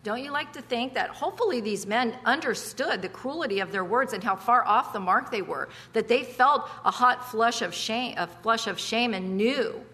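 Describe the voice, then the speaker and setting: A woman delivers a conversational sermon with a bright, forceful voice. She speaks emphatically and mixes in chatty asides and rhetorical questions, and her voice carries a long reverb from a large hall. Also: on the high side. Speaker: preacher.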